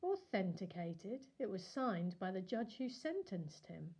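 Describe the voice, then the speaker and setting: A woman reading as a sharp, protective female lawyer with a slight Mexican accent, trilling her R's. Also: medium pitch, very animated, measured pace. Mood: indignant. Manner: snappy, forceful.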